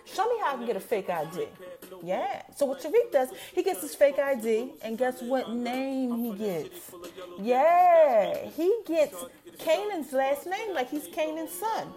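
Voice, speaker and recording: A woman's voice: sits high, big pitch swings, measured pace, warm tone. A woman hosting a podcast, animatedly recapping a TV episode in casual chat, quoting the characters and talking straight to her listeners. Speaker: podcast host.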